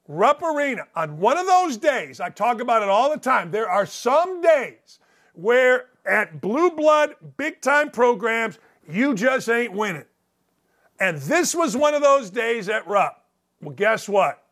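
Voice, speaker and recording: A man's voice: extremely high pitch, very animated, slow, fairly bright tone. Blunt, ranting male sports show host. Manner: blunt, ranting, sarcastic, swears freely. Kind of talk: opinionated sports commentary monologue.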